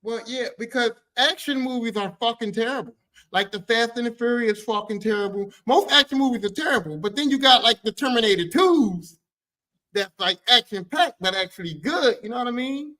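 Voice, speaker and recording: A man hosting a podcast, telling movie stories in an animated, profane, slangy way. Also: very high-pitched, brisk, low-quality recording. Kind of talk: casual chat about movies.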